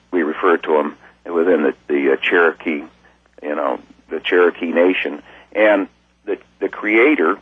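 A folksy, rambling man tells his story as a guest, his voice set a little low and slightly husky. It comes through a tinny, dry phone line, so it sounds thin and close with no room around it. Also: no room sound. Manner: folksy, rambling, animated when excited. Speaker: interview guest, musician. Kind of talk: casual storytelling.

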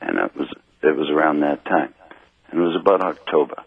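A slightly drunk man calling in to a radio show, telling a long story in a rambling, halting way over a phone line. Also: a bass voice, big pitch swings, gravelly, breathy edge, no room sound. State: a little drunk. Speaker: caller. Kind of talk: call-in radio chat.

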